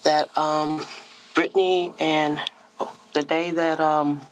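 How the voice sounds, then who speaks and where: Halting, evasive woman under questioning. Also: low voice, flat delivery, a little hiss or hum, low-quality recording. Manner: halting, evasive, many ums. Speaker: interviewee. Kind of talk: police interview.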